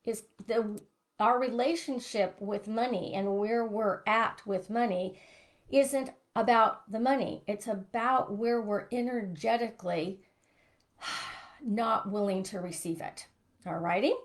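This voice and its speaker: A woman's voice: medium pitch, slow. A middle-aged woman coaching listeners on money mindset, earnestly asking reflective questions. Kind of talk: live coaching broadcast.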